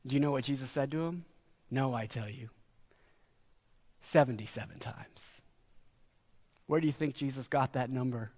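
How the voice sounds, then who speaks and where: A middle-aged man preaching a sermon as a pastor, earnest and dropping to quiet emphasis on key words. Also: mid-range voice, quick pace.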